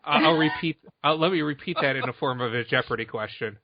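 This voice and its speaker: Male podcast host, mid-pitched, dry teasing interviewer, close dead mic with a slightly dull tone. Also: fast talker, no room sound. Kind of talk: casual interview chat.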